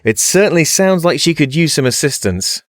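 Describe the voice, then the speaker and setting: A man's voice: a little high, expressive, normal speed, no echo, clean studio sound. A man hosting a scripted comedy podcast in a wry, theatrical way.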